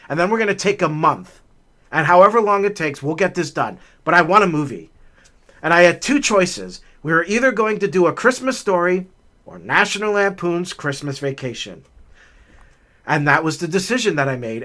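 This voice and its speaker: A middle-aged man hosting a hiking vlog, telling a long personal story in a chatty, animated way while out on a forest trail. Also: sits high. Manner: animated, chatty, raises his voice for acted-out quotes. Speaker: vlog host.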